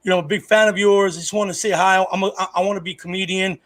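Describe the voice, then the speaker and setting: A man's voice: sits high, fairly even intonation, very fast, a bit bright. A man, a comedian co-hosting a podcast, telling stories in casual chat, rambling and profane with lots of restarts.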